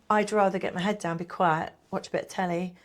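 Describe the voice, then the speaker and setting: A middle-aged woman and pantomime performer chatting in an interview, telling lively stories and acting out what people said. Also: on the low side, a little fast. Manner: chatty, animated storyteller who acts out quotes. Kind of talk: casual interview chat.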